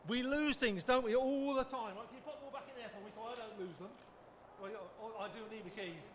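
A middle-aged man preaching a lively sermon, acting out panicked voices and asking the audience questions. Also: very high voice, fast, slight background noise.

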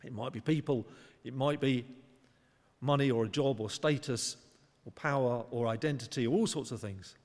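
A man's voice: mid-range voice, normal speed, darkish tone, big-room sound. A man preaching a sermon in an earnest, conversational way, sometimes acting out short voices for emphasis. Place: church.

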